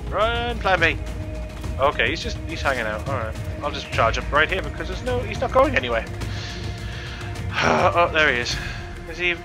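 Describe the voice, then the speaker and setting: A man chatters through a survival game, exclaiming and yelling at the creatures on screen. His voice sits a touch high, and clear game music runs under his talk. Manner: excitable, talks at the game creatures, frequent exclamations. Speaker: gaming channel host. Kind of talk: let's play commentary.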